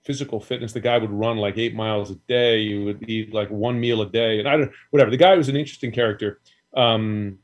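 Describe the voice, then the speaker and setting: A male news anchor, a guest on the show, chatting casually and filling pauses with quick asides. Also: fairly low pitch, steady tone, dull audio. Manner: conversational, quick with fillers. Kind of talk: casual chat.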